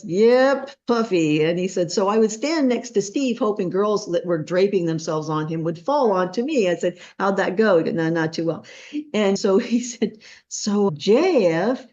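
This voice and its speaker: A woman hosting an interview, telling a long story and acting out the quotes with big jumps in pitch. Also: dark tone, dull audio. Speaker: host.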